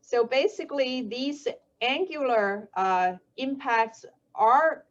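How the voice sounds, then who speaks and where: A woman whose first language is Chinese talks through safety research in a slow, careful way, pausing on fillers and correcting herself as she goes. Her voice sits a little high. The audio is dull and lo-fi. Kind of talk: explanatory talk.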